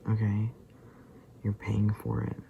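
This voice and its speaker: A man rambling casually to camera in a vlog, often dropping into a soft whisper. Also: on the low side, completely flat delivery, slow pace, vocal fry, muffled recording, a little hiss or hum. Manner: loose and rambling, full of fillers and asides. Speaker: vlogger.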